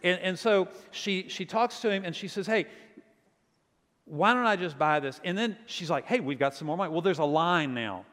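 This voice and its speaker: A man from Virginia, a pastor preaching a sermon and telling stories with lively quoted voices. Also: high-pitched, moderate pace, in a large hall.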